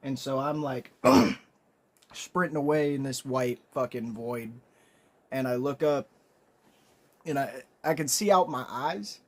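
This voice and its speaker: Young guy rambling thru a funny story, swears a ton, keeps coughing and clearing his throat. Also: mid-range voice, takes it slowly, pauses often. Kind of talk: casual comedic storytime.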